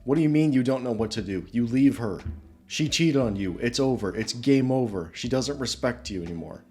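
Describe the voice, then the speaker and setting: A man's voice: mid-range voice, expressive, normal speed, dark tone, faint music behind. A man hosting reaction commentary, blunt, emphatic and casual. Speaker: commentary host.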